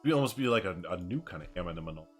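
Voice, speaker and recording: A man's voice: low-pitched, very animated, racing, faint music behind. A man chatting casually on a live game stream, joking with viewers and laughing often.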